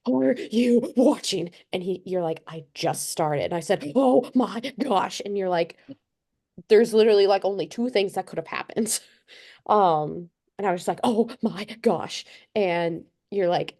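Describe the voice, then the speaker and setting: Animated young woman podcast co-host. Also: lowish voice. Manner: animated storytelling, acts out quotes. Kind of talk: casual chat.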